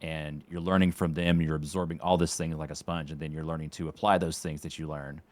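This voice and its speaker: A man in his late thirties, a podcast guest who coaches tennis and streams, talking in an unhurried way with dry, sarcastic wit. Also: extremely low pitch, level tone, a little mellow. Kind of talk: casual interview chat.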